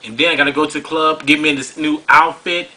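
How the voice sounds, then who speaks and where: A man voicing a brash woman who gloats about spending child support money, in a drawling, sassy manner with high-pitched outbursts. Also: steady tone, fast, pushed and bright.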